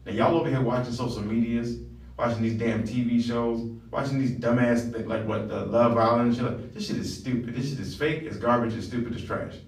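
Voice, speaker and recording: A man's voice: mid-range voice, steady tone, a little fast, distant mic. Blunt man preaching in a roomy room. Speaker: wellness coach. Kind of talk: motivational monologue. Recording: roomy, from off the mic.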